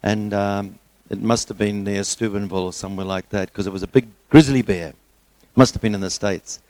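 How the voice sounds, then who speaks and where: A middle-aged preacher with a low-pitched voice eases into a sermon through a relaxed, rambling anecdote. His delivery is earnest, and the sound is dry and close to the mic. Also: brisk, dry recording, poor audio. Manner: relaxed storyteller, earnest when teaching. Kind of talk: sermon with a storytelling joke.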